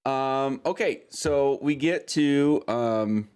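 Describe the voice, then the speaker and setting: A man's voice: mid-range voice, slow pace, darkish tone, clear, resonant tone. A man narrating as game master for a tabletop game, loose and giggly, with lots of fillers.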